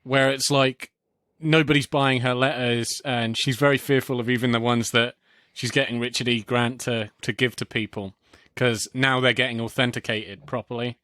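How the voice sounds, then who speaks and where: A man co-hosting a podcast, chatting casually about a film, halting often with restarts and short laughs. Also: mid-range voice, fairly even intonation, bright, forceful tone, no room sound, studio quality. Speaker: podcast co-host.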